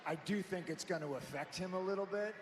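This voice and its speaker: A man's voice: high voice, fast talker. Cocky man talking in an echoing arena. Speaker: wrestler on broadcast. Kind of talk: arena promo speech. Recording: echoey hall broadcast audio.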